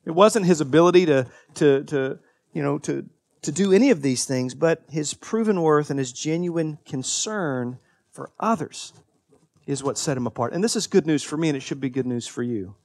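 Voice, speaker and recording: Earnest and animated, a thirty-something pastor swings from forceful emphasis to hushed confession in his sermon, often starting over and repeating words. He speaks on the high side at a moderate pace, in a dry recording.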